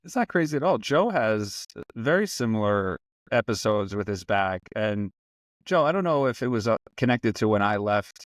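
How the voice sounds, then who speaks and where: A man's voice: fairly low pitch, lively intonation, normal speed, no room sound. A man co-hosting a podcast, chatting casually and teasing his co-host before asking the guest a question. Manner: friendly, teasing. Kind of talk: casual interview chat.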